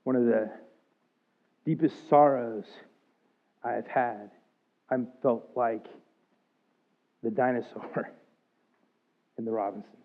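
A man's voice: mid-range voice, fairly even intonation, slow pace, pauses often. A man in his thirties preaching a sermon, earnest and confessional, rising to emphatic outbursts. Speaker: pastor. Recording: thin phone-like sound.

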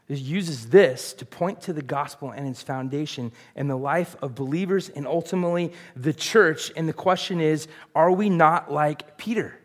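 A middle-aged man, preaching a sermon in a casual, conversational way and putting questions to the congregation. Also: on the high side. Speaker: pastor.

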